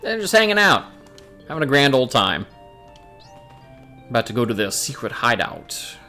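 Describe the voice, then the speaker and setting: A man's voice: medium pitch, very animated, moderate pace, pushed and bright, soft background music. A man hosting a casual gaming chat, sarcastic and swearing freely. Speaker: let's play host.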